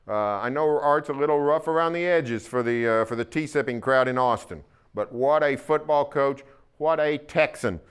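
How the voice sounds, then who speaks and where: Smooth-voiced Oklahoma man talking football. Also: medium pitch. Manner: folksy, opinionated, pauses with "uh". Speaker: sports columnist co-host. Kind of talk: casual sports talk.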